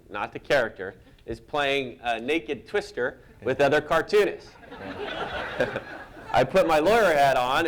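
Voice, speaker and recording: Self-deprecating man telling animated stories. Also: fairly high pitch, a little hiss or hum. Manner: self-deprecating, animated storyteller who laughs at his own tales. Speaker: cartoonist guest. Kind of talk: anecdotal storytelling in an interview.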